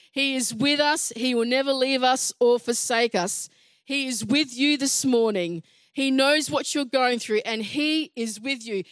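A woman's voice: sits high, fairly bright tone, no echo. A woman preaching a sermon, earnest and reading scripture with rising emphasis.

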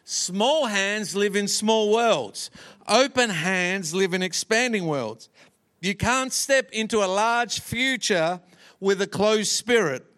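Male visiting pastor, high voice, slow emphatic sermon delivery. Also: animated, a bit bright. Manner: preaching with slow emphatic pauses and acted-out story voices. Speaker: guest pastor.

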